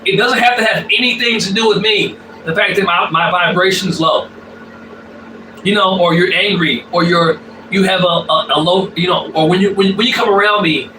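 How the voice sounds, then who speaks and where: A man's voice: high-pitched, fairly even intonation, normal speed, noisy background. A man talking casually in a blunt, profane monologue, repeating himself and using many fillers. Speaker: spiritual vlogger. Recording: roomy, distant mic with faint ambience.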